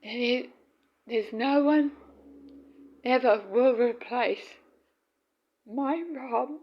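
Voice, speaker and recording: Filming a casual home video indoors at night, a vlogger narrates slowly and gently in a high voice, her words soft and tender. The phone recording sounds dull and lo-fi.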